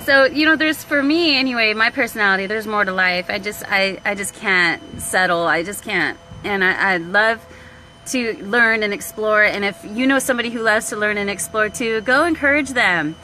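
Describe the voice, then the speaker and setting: A woman talking casually to viewers on a live stream, animated and slangy, acting out what people said and laughing often. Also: mid-range voice, moderate pace, low-quality recording. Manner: animated, slangy, laughs a lot, acts out quotes. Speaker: online business vlogger.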